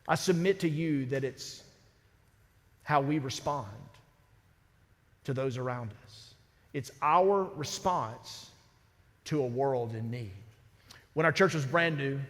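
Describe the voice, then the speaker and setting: Pastor preaching, fairly high voice, long church reverb. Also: male voice. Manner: storytelling, lively and conversational. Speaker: senior pastor. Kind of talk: sermon. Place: large church sanctuary.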